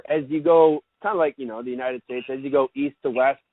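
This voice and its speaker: A man from Canada talks in a relaxed, easygoing way, often repeating a word as he gathers his thoughts. His voice comes through a thin, phone-like remote line. The sound is dry, with no room around it. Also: medium pitch, a little fast, no room sound. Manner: easygoing, repeats words while thinking. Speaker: guest, lacrosse broadcaster. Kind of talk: casual interview chat.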